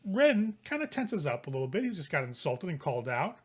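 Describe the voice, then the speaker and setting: A man's voice: fairly high pitch, big pitch swings, a little fast, slightly rough. Man narrating as game master.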